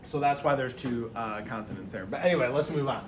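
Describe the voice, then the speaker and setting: A male teacher giving a phonics lesson in an upbeat way, drawing out words so each syllable is clear. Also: medium pitch, brisk. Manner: upbeat, stretches out and stresses words. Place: classroom. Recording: roomy and distant with faint hiss.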